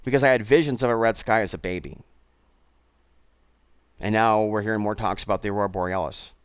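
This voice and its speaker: A man's voice: lowish voice, brisk, clean tone, no room sound. A man hosting his own channel, talking bluntly and digressively straight to his viewers. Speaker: channel host. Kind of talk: rambling commentary.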